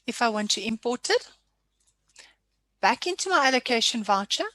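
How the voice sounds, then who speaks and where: A woman trainer giving a casual screen-share software tutorial, chatty and self-deprecating with frequent apologies. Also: fairly high pitch, very animated, normal speed, no echo.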